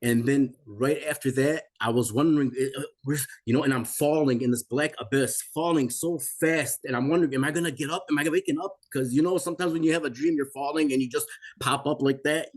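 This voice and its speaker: Intense man in his forties recounting. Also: on the high side. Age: 40s. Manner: intense, repetitive, restarts mid-sentence. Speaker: guest telling a near-death experience. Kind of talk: emotional personal testimony.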